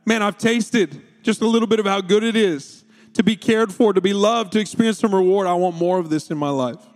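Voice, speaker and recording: Pastor, man, 30s, bright high register, animated sermon storyteller, long hall reverb. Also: fairly quick. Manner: storytelling, animated, quoting his kids with raised pitch.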